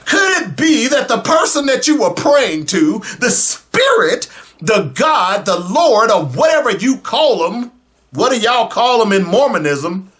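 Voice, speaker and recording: A male radio host giving sarcastic talk radio commentary, talking straight to his listeners and breaking into shouts. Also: high-pitched, unhurried. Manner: animated, sarcastic, bursts into shouting; addresses listeners directly and casually.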